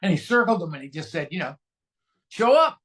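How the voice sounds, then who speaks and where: Man, high voice, bright forceful tone, candid self-mocking storytelling, recovery meeting share. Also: animated, rapid-fire. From California, USA. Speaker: guest speaker at a recovery meeting.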